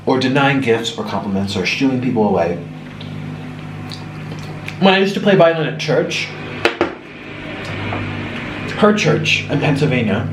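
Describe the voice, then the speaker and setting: A man's voice: on the high side, a little hiss or hum. A young man vlogging in a casual, rambling monologue, often mimicking other people in a raised voice. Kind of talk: casual monologue while eating. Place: home room. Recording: echoey room.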